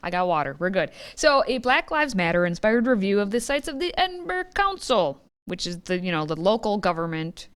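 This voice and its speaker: A woman's voice: mid-range voice, very animated, fairly quick, hardly any pauses, smooth. A woman co-hosting a casual commentary show, wry and sarcastic as she lays out the story and reads quotes aloud. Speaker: co-host. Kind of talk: casual political commentary chat.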